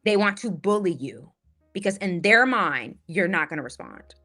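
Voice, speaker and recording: A woman's voice: fairly low pitch, expressive, normal speed, bright, forceful tone, faint music behind. A woman who works as a spiritual life coach tells a story in a casual monologue, assertive and emphatic, often asking "right?".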